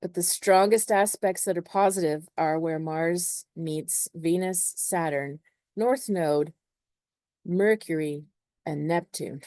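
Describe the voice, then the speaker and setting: A woman astrologer talks through her ideas in a relaxed, hedging manner, full of little fillers. Her voice is mellow and a bit low. The sound is dry and close. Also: slow pace, no echo. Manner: hedging, uses many "sort of" and "you know". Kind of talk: casual spoken explanation.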